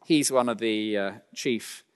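A man preaching a sermon, swinging between loud emphatic lines and quiet slowed phrases, with dry asides. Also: fairly low pitch, clear, resonant tone. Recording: long hall reverb.

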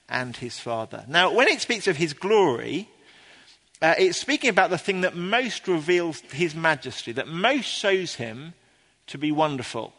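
A man preaching a sermon to a congregation in an earnest, explaining way, sometimes pausing with ums and restarting his sentences. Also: a little high, a bit bright, long reverb tail. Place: church before a congregation.

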